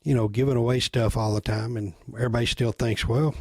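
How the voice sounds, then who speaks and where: A man's voice: medium pitch, level tone, fast, no room sound. Friendly chatty guy hosting the shop stream, mid voice, dry close sound. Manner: friendly, chatty, with frequent fillers. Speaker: shop owner and show host. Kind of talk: casual interview chat.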